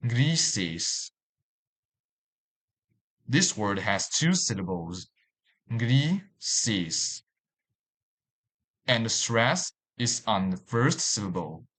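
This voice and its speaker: A man narrating a language lesson in a slow, deliberate way, repeating each example word. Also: fairly low pitch, fairly bright tone. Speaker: language teacher.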